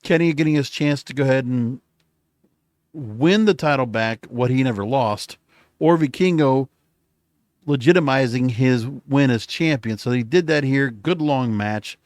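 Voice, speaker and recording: A man's voice: mid-range voice, measured pace, a little mellow, dry recording, studio quality. A man hosting a solo podcast, recapping in a casual, rambling way with frequent self-corrections, recording late at night. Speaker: podcast host.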